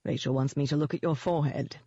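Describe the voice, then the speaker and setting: A reader doing a gruff, disapproving older witch healer for an audiobook, speaking curtly. The recording sounds dull and dry, with muffled highs and no room around it. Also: fairly even intonation, fast talker, dark tone, no room sound. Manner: gruff and curt. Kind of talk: audiobook character voice.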